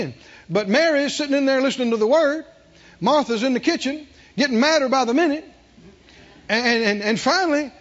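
A pastor preaches a sermon with emphasis, repeating his phrases and trading call-and-response with the congregation. His voice is extremely high-pitched and the audio sounds dull.

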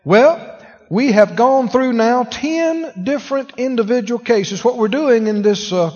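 A husky, high-pitched preacher leads a sermon, putting questions to his listeners as he goes. His voice carries a long reverb through a church hall. The recording is dull and lo-fi. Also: lively intonation, measured pace, a little mellow. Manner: conversational preaching, asks the congregation questions. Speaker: pastor. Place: church sanctuary.

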